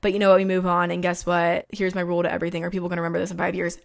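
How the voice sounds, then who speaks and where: A woman's voice: lowish voice, completely flat delivery, very fast, creaky. A woman in her twenties hosting a podcast, chatting casually with frank, profane, rambling talk full of fillers. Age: 20s. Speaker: podcast host. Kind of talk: casual chat.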